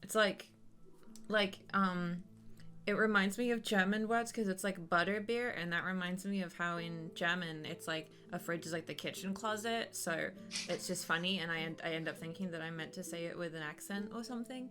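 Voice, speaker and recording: A woman's voice: lowish voice, moderate pace, a bit bright, faint music behind, natural voice. A woman voicing a nervous, earnest young female student who rambles and restarts her sentences in a tabletop role-play. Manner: rambling, self-conscious, many restarts.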